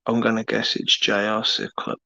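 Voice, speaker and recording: A man with a Birmingham accent chatting casually on a late-night live stream, rambling and halting with lots of fillers. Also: lowish voice, monotone, gravelly, pushed and bright, no room sound, muffled recording.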